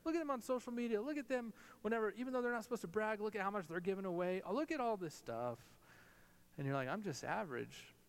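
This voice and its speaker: A man's voice: expressive, quick pace, clear, resonant tone. A man in his thirties, a pastor, giving a conversational sermon and telling family stories, his voice leaping up when he quotes others. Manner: conversational storytelling, pitch jumps when quoting others. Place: church sanctuary. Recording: long hall reverb.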